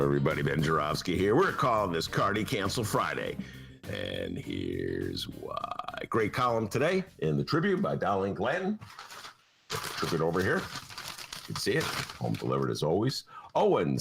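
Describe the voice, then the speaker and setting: A man hosts a podcast in a loose, comic monologue. His pitch swings wildly, and he leaps into high, mocking voices. The delivery stays sarcastic and playful throughout. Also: moderate pace, creaky, music in the background. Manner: animated and sarcastic, jumps to high mock voices. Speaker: podcast host, newspaper columnist.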